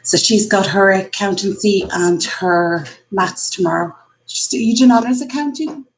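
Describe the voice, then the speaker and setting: A woman's voice: medium pitch, measured pace, slight background noise, low-quality recording. An Irish woman in her forties hosting a casual live stream from her kitchen, candid and chatty as she thinks aloud. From Ireland. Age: 40s. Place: home kitchen. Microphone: computer mic.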